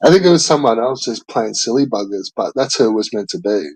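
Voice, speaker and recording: This is a man chatting casually with a friend. He talks in a relaxed, easygoing way, swears often and drifts into rambling stories. His pitch sits in a middle range. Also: fast talker, breathy edge, rough recording. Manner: swears freely, laid-back banter. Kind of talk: casual chat.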